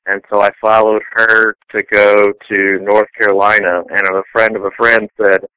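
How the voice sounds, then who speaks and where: A man's voice: on the low side, little pitch movement, normal speed, bright, forceful tone, clean tone, dry recording, poor audio. A middle-aged man, a scientist guest on an interview, telling rambling anecdotes in a casual conversational way.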